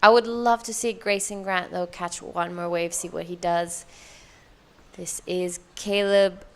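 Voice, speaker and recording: A female surf commentator walks through each ride turn by turn, upbeat and precise. She sounds engaged and admiring while keeping the analysis clear. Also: fairly low pitch, steady tone, a little slow, fairly bright tone. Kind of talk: live sports commentary.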